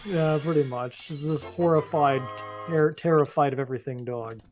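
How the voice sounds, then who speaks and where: A man's voice: a little high, normal speed, darkish tone, soft background music. A man co-hosting a let's-play, chatting casually and wryly, telling rambling stories with restarts as he goes. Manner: wry, rambling storyteller with frequent restarts. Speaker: co-host playing a video game. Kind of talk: casual gameplay chat.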